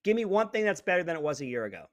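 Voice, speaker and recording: A man with a notably high voice rants indignantly as a talk radio host, full of sarcasm. The sound is dry and close, with no room around it. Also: very animated, rapid-fire, no room sound. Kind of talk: opinionated talk radio monologue.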